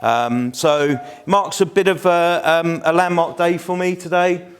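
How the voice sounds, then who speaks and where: A man's voice: a little high, steady tone, measured pace, clean tone. A man in his fifties with a South East London accent, giving a chatty, anecdote-filled live lecture to a room. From England. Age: 50s. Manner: chatty, anecdotal, self-deprecating.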